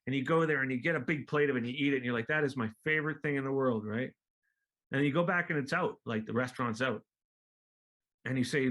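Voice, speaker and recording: A man talking as a guest in a casual interview, laid-back and profane, acting out other people's lines in a high voice and laughing often. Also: brisk. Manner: animated storyteller, acts out quotes in high voices. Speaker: guest musician.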